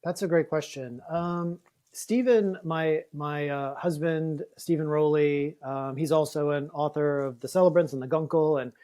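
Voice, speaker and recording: Male author guest, higher-pitched, casual and rambling. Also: fairly even intonation, unhurried, dark tone. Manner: chatty, many fillers and restarts. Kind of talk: casual interview talk.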